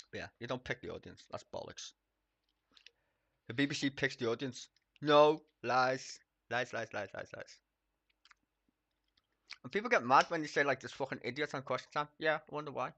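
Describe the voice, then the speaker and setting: A man's voice: medium pitch, lively intonation, normal speed, gravelly, long pauses, pushed and bright, no echo. A man streaming live, ranting casually and mockingly about the news, swearing often and laughing.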